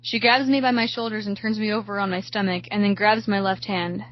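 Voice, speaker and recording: A woman reading a horror story aloud in a steady, hushed way, recorded slightly dull. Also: mid-range voice, a little fast.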